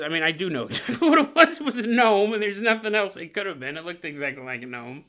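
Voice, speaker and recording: Lively, bright-voiced male podcast host. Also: high-pitched, quick pace, hardly any pauses. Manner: animated, acts out quotes with playful voices. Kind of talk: casual storytelling.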